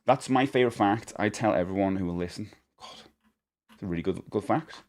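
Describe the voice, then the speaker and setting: A man's voice: lowish voice, a little fast. A man chatting casually to his live-stream viewers. He rambles and corrects himself as he goes, and he laughs often. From United Kingdom.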